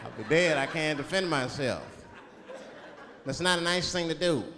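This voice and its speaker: A man performing stand-up comedy on stage, animated and slipping into voices. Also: on the high side, moderate pace, noisy background. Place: comedy stage before audience. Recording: live hall with loud crowd.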